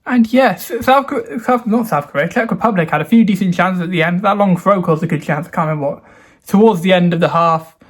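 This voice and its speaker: A man's voice: sits high, brisk. A man giving a casual, rambling football review, self-mocking and mock-solemn by turns. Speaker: football vlogger.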